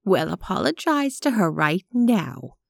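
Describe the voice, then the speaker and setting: A woman voicing a prim, quietly disapproving elderly lady in an audiobook reading. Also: fairly low pitch, sing-song, measured pace, vocal fry, no room sound, clean studio sound, heavily acted. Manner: genteel, precise, quietly disapproving. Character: prim, gently sharp-tongued elderly woman.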